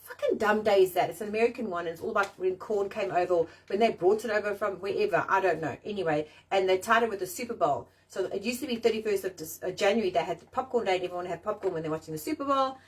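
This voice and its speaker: Outdoors in the rain, a middle-aged woman hosts a casual live-stream chat show, ranting and joking with blunt, free-flowing swearing. Her mid-range, slightly rough voice comes fast with few pauses, picked up far from the mic.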